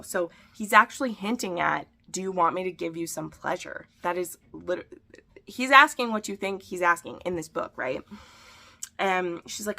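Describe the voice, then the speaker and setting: A woman's voice: lowish voice, a little slow, gravelly, bright, forceful tone. A woman reviewing a book and its show adaptation in a chatty recap, reading passages aloud and lightly voicing the characters' lines.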